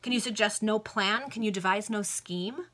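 Lady reading as a cornered victorian banker guy, pleading, agitated, bright tone. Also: medium pitch, moderate pace, natural voice. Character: desperate male Victorian banker.

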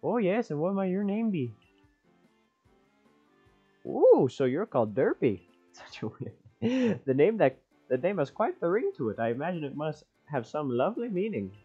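A man voices a genteel middle-aged professor from a game, all fussy propriety and theatrical politeness. The voice sits high and bouncy with plenty of push. The sound is muffled and lo-fi. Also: very animated, normal speed, long pauses, dark tone, breathy edge, soft background music, heavily acted. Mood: polite. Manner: theatrical, overly proper and polite. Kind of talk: improvised dubbing of game dialogue.

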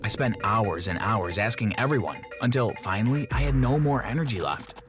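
A man giving scripted first-person narration of an animated story in a plain, steady telling. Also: on the low side, normal speed. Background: background music.

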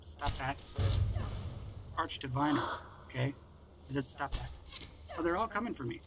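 A man's voice: a little high, lively intonation, normal speed, noisy background. A man giving wry, casual commentary while playing a video game, often talking to himself and to the game's characters. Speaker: gameplay commentator. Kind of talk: casual let's-play commentary.

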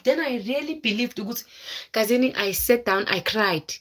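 A woman vlogger with a fairly high, fairly bright voice tells her live viewers a story at a moderate pace. She's dramatic and exclamatory, slipping local words into this casual storytelling chat.

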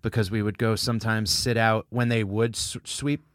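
Joking, foul-mouthed New host. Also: male voice, fairly low pitch, flat delivery, normal speed, no room sound, studio quality. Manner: joking, swears freely. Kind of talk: casual chat.

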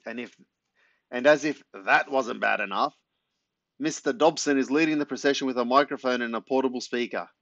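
Male audiobook narrator, animated first-person read, dry slightly muffled sound, mid pitch. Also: brisk, gravelly, dry recording. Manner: lively, animated storytelling with pitch jumps.

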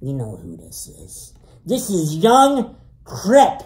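A man from Canada hosting a crude comedy video, showing off photos of friends with drawn-out delivery, swearing and sudden shouts. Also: high voice, huge pitch swings. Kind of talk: comedic show-and-tell monologue. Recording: echoey room.

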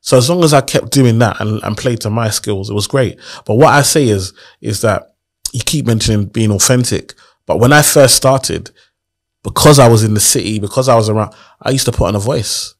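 A man speaks in a slightly low voice. He sounds earnest and motivational in a relaxed interview and keeps posing rhetorical questions. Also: a little fast. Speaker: guest. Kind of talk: casual interview storytelling.

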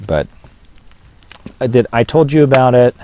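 A man's voice: medium pitch, expressive, unhurried, dark tone, slight background noise. A man with a Pacific Northwest American accent telling a story in an interview, rambling and hesitant, with many fillers and restarts. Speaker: pastor and witness.

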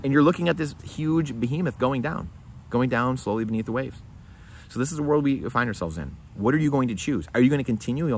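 A man's voice: mid-range voice, fast, a little hiss or hum. A man vlogging direct to camera in an emphatic, repetitive manner, firing off rhetorical questions. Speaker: finance vlogger.

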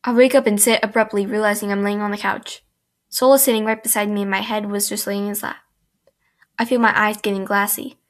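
A young woman reading a fan fiction aloud in first person, halting and restarting mid-sentence, and breaking off for chatty asides. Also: mid-range voice, fairly even intonation. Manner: breaks off for chatty, giggly comments.

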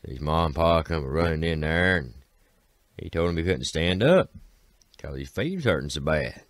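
A storyteller with an Appalachian accent tells a folk tale in a folksy, animated way, his voice extremely low and his pace normal, with no echo. He opens lines with "said" and voices the different characters.

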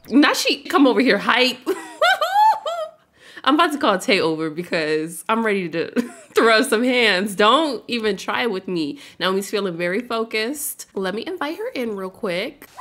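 A woman's voice: fairly high pitch, fairly bright tone, a little hiss or hum. A young woman giving casual, playful commentary on a life-sim game, laughing often. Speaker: gaming YouTuber. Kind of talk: casual let's play commentary.

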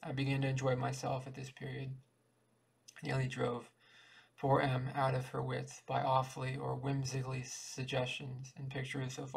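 A man reads a short story aloud for an amateur audiobook. His voice is rough and gravelly with a husky edge, and he keeps it strikingly flat, with almost no rise or fall. He stumbles and restarts words mid-way as he goes. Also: medium pitch, low-quality recording. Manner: halting, with restarts mid-word. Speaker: audiobook reader.

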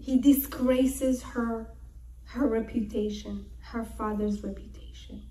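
A woman's voice: on the high side, steady tone, takes it slowly, mellow. A woman teaching the Torah as a dramatic retelling, emphatic and full of repeated phrases. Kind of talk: dramatic retelling of a Bible story.

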